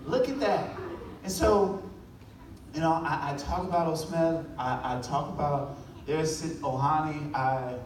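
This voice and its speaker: Animated male speaker in an echoey hall. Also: on the high side, slow, recorded from a distance, a little hiss or hum. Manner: animated storytelling, acting out voices. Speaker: motivational speaker. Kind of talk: motivational talk to an audience.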